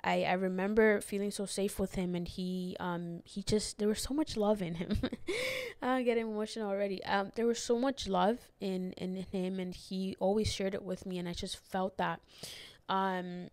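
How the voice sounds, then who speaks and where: On her podcast, a young woman reflects on her own life as someone who came to the US as a child, wandering through the story with many fillers and false starts as she grows emotional and nearly cries. She speaks at a measured pace in a medium-pitched, somewhat dark voice, and the recording is dry.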